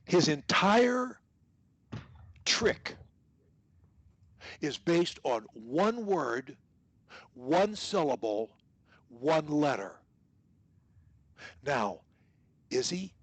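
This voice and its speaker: A man's voice: fairly high pitch, sing-song, very slow, long pauses, no room sound. A man coaching a student one-on-one over a video call, emphatic and fond of repeating his key points. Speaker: speech coach.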